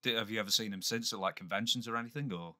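Bright-voiced male interviewer. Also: on the low side, very fast. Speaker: interviewer, host. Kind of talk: casual interview questions.

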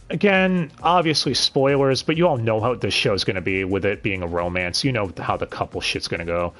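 A man's voice: on the high side, fairly bright tone. Blunt, swearing man reviewing a show. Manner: blunt and swearing, with bursts of incredulous exclamation. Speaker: podcast host reviewing an anime dub. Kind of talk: casual review talk.

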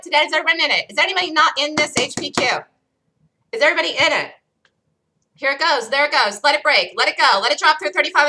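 A woman hosting a live day trading room, excitedly calling trades as they happen, her voice getting worn from talking loud. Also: sits high, brisk, noisy background. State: losing her voice. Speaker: day trading show host.

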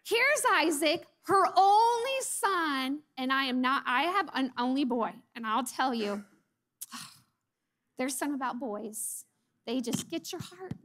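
A woman delivers a church sermon in a high, bright-pitched voice. Her telling is lively and expressive, and she acts out quoted lines. She sometimes sinks to a soft, breathy near-whisper for emphasis. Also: slow. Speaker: preacher; mother.

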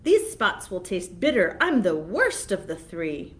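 A woman's voice: mid-range voice, wildly swooping pitch, unhurried. A woman voicing a middle-sized billy goat who bargains insistently for a storybook reading. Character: middle billy goat, quick-talking and evasive.

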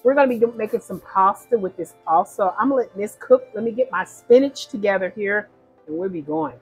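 A woman's voice: mid-range voice, fairly quick, a little mellow, husky, faint music behind, poor audio. A woman cooking at the stove in a home kitchen, chatting casually and narrating each step for her viewers. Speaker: home cook.

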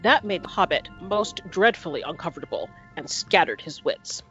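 Woman host, lower voice, lively storybook reading, slightly dull podcast sound with faint music behind. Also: moderate pace. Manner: expressive, animated narration.

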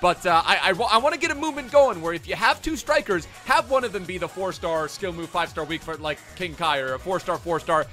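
A man's voice: high voice, soft background music. A man hosting a video game player review, running through stats energetically with frequent fillers. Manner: energetic, rapid stat rundown with fillers. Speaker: gaming YouTuber.

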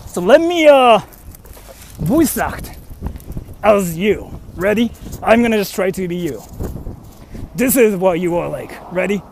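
High-voiced young man vlogging outdoors. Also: lively intonation, measured pace, creaky, pauses often, slight background noise. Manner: rambling, with fillers and self-questioning. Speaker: freelance translator and voice actor. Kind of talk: casual vlog talk while walking. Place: outdoors on a street, walking to a station.

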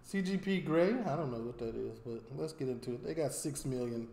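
A man's voice: medium pitch, fairly quick, gravelly, mellow. Laid-back man reacting, roomy sound. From Chicago, United States. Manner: laid-back slang, talks straight to viewers. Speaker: reaction video host. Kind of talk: casual reaction commentary.

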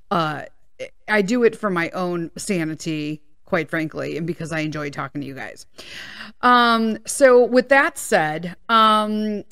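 A woman's voice: fairly low pitch, fairly bright tone. A woman in her fifties hosting her own podcast, talking casually and candidly and swearing freely, recorded at a microphone in a small home studio. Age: 50s. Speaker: podcast host. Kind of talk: casual solo podcast chat.

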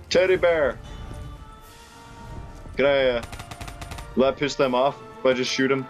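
A young man gives casual commentary while he plays a game. He talks slowly and unhurriedly in a mid-range voice but reacts excitably, laughing and rambling, and faint game music plays behind him. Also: medium pitch. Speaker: gaming YouTuber.

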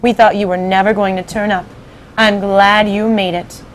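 A woman's voice: medium pitch, flat delivery, moderate pace, slight background noise, close to an everyday voice, rough recording. A woman reading aloud to a class, voicing a courteous old male grasshopper from a storybook. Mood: welcoming.

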